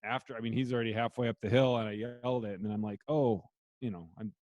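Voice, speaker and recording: Dad on a podcast, mid-pitched voice, laid-back story, trails off quiet, dry mic. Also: male voice, steady tone, fast, no room sound. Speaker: podcast co-host. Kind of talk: casual chat.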